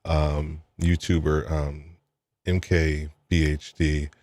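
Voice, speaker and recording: A man's voice: very deep voice, little pitch movement, slow, darkish tone, no room sound. A man hosting an interview podcast, talking casually and rambling with many repeated words. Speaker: podcast host.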